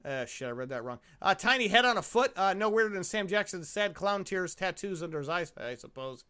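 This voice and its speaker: A man's voice: high voice, lively intonation, fairly quick, sharp tone, clean tone. A tipsy man co-hosting a casual movie review podcast, rambling, swearing and sarcastic. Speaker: podcast co-host.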